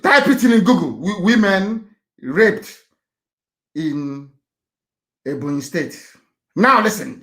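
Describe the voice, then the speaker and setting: A man on live radio, speaking with a high-set voice. He talks in a fiery, rhetorical way, jumping from loud outbursts down to low, muttered asides. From Nigeria. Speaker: radio broadcaster.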